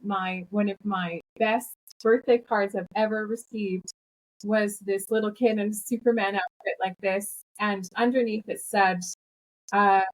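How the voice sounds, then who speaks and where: A woman author and podcast guest, telling anecdotes in an animated way and laughing as she talks. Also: mid-range voice, low-quality recording. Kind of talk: casual storytelling in an interview.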